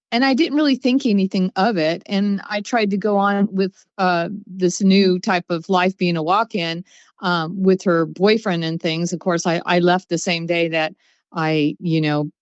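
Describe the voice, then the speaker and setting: An upbeat woman guest tells stories in a relaxed chat and laughs now and then. Her voice comes through slightly dull and lo-fi, and the recording is dry. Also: mid-range voice, measured pace, dry recording. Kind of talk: casual storytelling.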